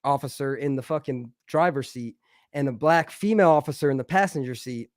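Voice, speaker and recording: A man telling a story in a casual podcast chat, animated and profane, acting out the voices of the people in it. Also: medium pitch, brisk, no echo, studio quality.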